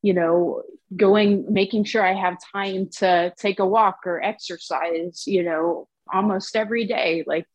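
A woman guest in a conversation, speaking reflectively and haltingly with many repeated words. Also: mid-range voice, steady tone, no echo, poor audio. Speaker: interview guest. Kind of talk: casual conversational interview.

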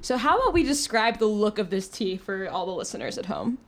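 A woman's voice: mid-range voice, sing-song, brisk. A young woman hosting a casual podcast chat, bubbly and teasing, often giggling. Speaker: podcast host.

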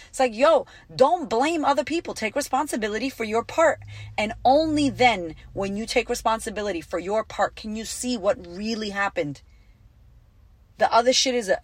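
A woman's voice: medium pitch, no room sound. Blunt, cussing woman podcast coach. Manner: blunt, profane and emphatic, repeating phrases for punch. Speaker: podcast host and life coach. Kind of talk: casual motivational podcast talk.

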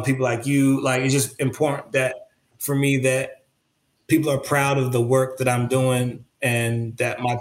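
A man talks earnestly as a guest in an interview, circling back and restarting as he searches for the right words. His voice is mid-pitched. The room around him gives a noticeable echo. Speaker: interview guest, creative artist. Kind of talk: reflective conversational interview. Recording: roomy echo.

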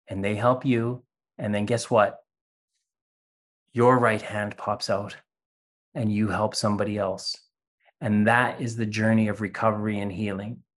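An earnest man talks on a video call, his voice sitting a bit low. He speaks haltingly, restarting his sentences often, and now and then acts out voices to tell a story. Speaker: interview guest. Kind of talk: candid conversation about recovery.

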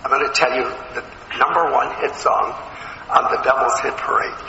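A man's voice: mid-range voice, normal speed, pushed and bright, slight background noise. A man preaching a sermon, earnest and emphatic, asking his listeners questions. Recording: echoey hall, slightly dull sound.

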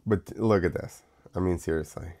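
With a deep, slightly mellow voice at normal speed, this young show host delivers a casual monologue. It's a sarcastic, mocking rant prone to drifting into side topics.

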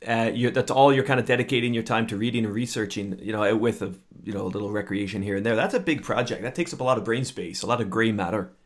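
A man's voice: on the low side, quick pace, few pauses. A man hosting a casual podcast, chatty and upbeat, talking loosely with plenty of filler words. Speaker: podcast host.

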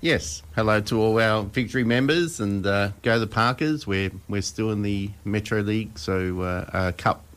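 A man co-hosting a radio show, easygoing and quick to laugh. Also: lowish voice, fairly bright tone, clean tone. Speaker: radio co-host, soccer club rep. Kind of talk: casual radio chat.

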